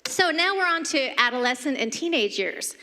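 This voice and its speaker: A woman's voice: high voice, lively intonation, moderate pace. Middle-aged woman telling stories in reverberant church. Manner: warm anecdotal delivery, laughing between stories. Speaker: daughter giving a eulogy. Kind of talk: humorous memorial storytelling. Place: church sanctuary.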